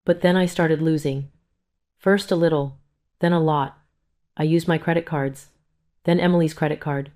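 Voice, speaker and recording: A woman's voice: sits low, fairly even intonation, moderate pace, pauses often, darkish tone, close to an everyday voice. A woman voicing a guilt-ridden male gambler who stammers and pleads, in a first-person audio story. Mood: confessing.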